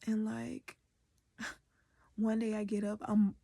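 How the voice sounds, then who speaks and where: A woman's voice: medium pitch, completely flat delivery, takes it slowly, creaky, dark tone, no echo. A woman educator and artist venting in a raw, candid vlog, often dropping to a half-whisper and swearing freely.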